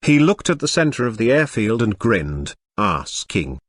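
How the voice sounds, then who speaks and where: A synthetic male narrator reading a web novel audiobook in a steady storytelling manner. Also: fairly low pitch, unhurried, few pauses, no echo, studio quality.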